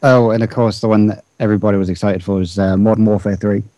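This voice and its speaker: Low, mellow man with dry humor. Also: steady tone, fast talker, dry recording, poor audio. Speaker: podcast co-host. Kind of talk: casual gaming chat.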